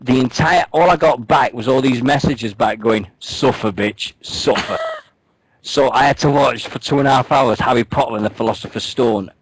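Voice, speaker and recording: A man's voice: mid-range voice, normal speed, slightly rough, dry recording, low-quality recording. A man co-hosting a wrestling radio show, bantering casually, joking and swearing as he rambles through stories.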